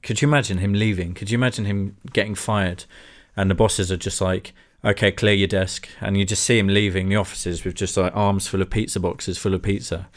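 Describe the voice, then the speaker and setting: A young English man co-hosting a casual podcast, dry and deadpan with jokes. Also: low-pitched, brisk. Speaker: podcast co-host.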